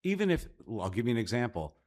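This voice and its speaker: A man from Canada co-hosting a casual policy talk show, earnest with quick jokey asides. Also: medium pitch, sing-song, darkish tone. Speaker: podcast co-host. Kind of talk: casual chat about policy.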